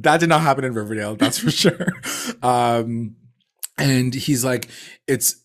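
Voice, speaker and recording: Casual male podcast co-host, animated recap storyteller, filler-heavy. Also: medium pitch, a little slow. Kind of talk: casual chat.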